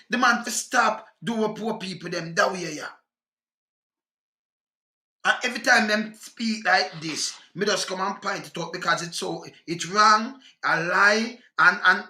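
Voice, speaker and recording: A man's voice: high-pitched, sharp tone, reverberant. A Jamaican man in a heated, profane political rant, talking in patois and repeating himself. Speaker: commentator.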